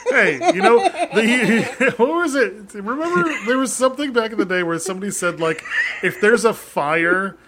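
A man's voice: high-pitched, animated, unhurried, noisy background. A man co-hosting a cartoon podcast in casual chat, joking, swearing and laughing often. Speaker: podcast co-host.

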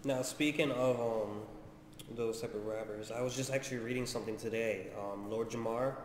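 A man in a casual podcast chat, speaking in a measured, reflective way. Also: medium pitch, fairly even intonation. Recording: echoey room, long reverb, faint noise.

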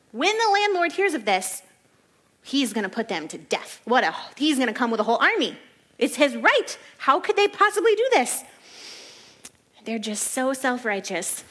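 Chatty woman teaching the Bible. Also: on the high side. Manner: chatty and animated, laughs often, says "like" a lot. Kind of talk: casual Bible study teaching.

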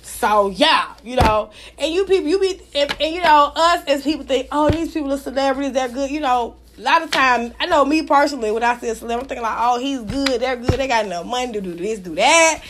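A woman hosting a celebrity gossip show, talking in a brash, profane, animated way. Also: sits high, fast talker, hardly any pauses, slight background noise. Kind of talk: casual celebrity gossip talk.

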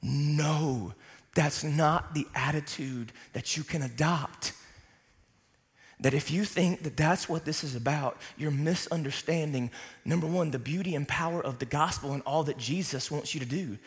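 A man's voice: fairly high pitch, unhurried, long reverb tail. A man preaching a sermon to a congregation, emphatic and calling out for responses. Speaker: pastor.

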